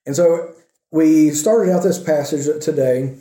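A man's voice: on the high side, a little slow, dark tone. A man teaching a Bible study in a plainspoken way, often checking in with "okay?" and reading scripture aloud. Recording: roomy echo.

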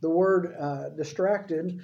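A man's voice: on the high side, slow pace, gravelly, warm tone, slight background noise. A man preaching a sermon in a conversational way, often checking in with his listeners. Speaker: pastor. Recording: echoey room, dull lo-fi sound.

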